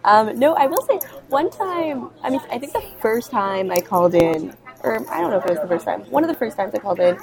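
A woman's voice: on the high side, very animated, a little fast, creaky, hardly any pauses, over music. A seventeen-year-old girl chatting on a podcast, giggly and rambling. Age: teens. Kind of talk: casual chat.

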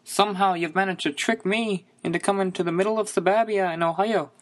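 A man's voice: high voice, fairly even intonation, brisk, lightly acted. A man voicing a cheerful visiting New Zealander who keeps repeating the country's name. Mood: bumbling. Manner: repeating words in a put-on accent. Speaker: fan contributor doing an impression skit.

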